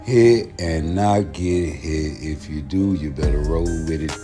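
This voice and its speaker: A man hosting a boxing channel, talking in casual, slangy commentary with his pitch jumping up high. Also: unhurried, music in the background.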